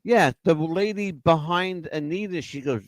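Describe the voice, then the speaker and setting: A man hosting a show, chatting casually in an animated, teasing, playful way. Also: a little high, measured pace, dry recording. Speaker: show host. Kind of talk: casual chat.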